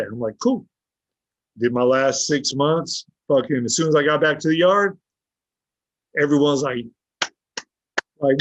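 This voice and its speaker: He's a guest on a podcast, unhurried and mid-range in voice, leaving long pauses while he tells a story full of blunt talk, heavy cursing and acted-out quotes. The sound is dull, dry and lo-fi.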